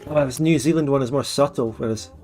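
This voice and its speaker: A man's voice: mid-range voice, quick pace, a little mellow, faint music behind. A man hosting a live stream, chatting loosely with swearing and slipping into accent impressions. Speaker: streamer and host. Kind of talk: casual live-stream chat.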